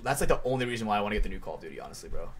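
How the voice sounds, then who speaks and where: A young man on a podcast call, talking casually in a rushed, excitable and profane way, stumbling over his words. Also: lowish voice. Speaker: podcast co-host. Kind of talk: casual chat. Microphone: online voice call.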